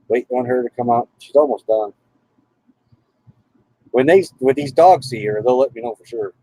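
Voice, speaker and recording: A man's voice: mid-range voice, a little slow, long pauses, warm tone, slightly rough, dry recording, rough recording. A man on a casual live stream from his RV in a parking lot, greeting viewers by name and talking to his dogs. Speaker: RV travel vlogger.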